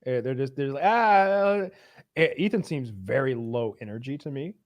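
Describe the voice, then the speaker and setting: A podcast co-host trading crude, mocking insults in casual banter. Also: male voice, mid-range voice, quick pace, darkish tone.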